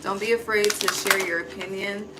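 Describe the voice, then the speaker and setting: This intuitive tarot reader talks at a moderate pace in a medium-pitched voice, with steady noise in the background. Her card reading is casual and chatty, full of thinking out loud, swearing, and calls of "honey" to the listener.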